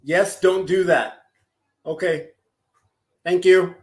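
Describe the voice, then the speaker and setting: A man from Los Angeles chats on a live stream, crude and joking as he reads messages aloud. His voice sits high. He talks at an unhurried, drawn-out pace. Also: fairly even intonation. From Los Angeles, California. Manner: crude, joking, often laughing. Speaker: streamer reading chat. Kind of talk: casual live-stream chat.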